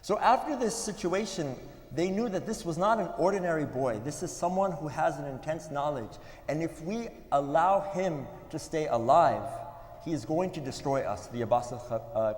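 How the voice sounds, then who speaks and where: A man giving a sermon at a religious gathering, telling stories in an earnest way with pauses. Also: on the high side, darkish tone. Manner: earnest, storytelling with pauses, some restarts. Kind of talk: sermon storytelling. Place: mosque hall. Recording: echoey hall with long reverb.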